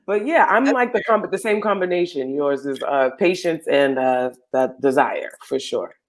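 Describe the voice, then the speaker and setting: A woman's voice: fairly low pitch, animated, takes it slowly. A woman co-hosting a casual live chat show, blunt, swearing and laughing as she talks. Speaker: podcast co-host.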